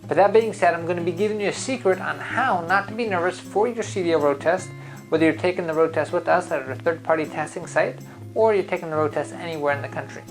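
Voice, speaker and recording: A man's voice: on the high side, quick pace, over music, rough recording. A man who founded a driving school gives an upbeat, coaching talk straight to his viewers. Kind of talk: motivational talk to camera.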